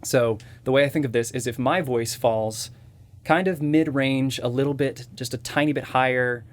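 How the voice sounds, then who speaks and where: A man's voice: medium pitch, moderate pace. Man, slightly nasal, impressionist guest, explanatory, casual interview. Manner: explains techniques step by step.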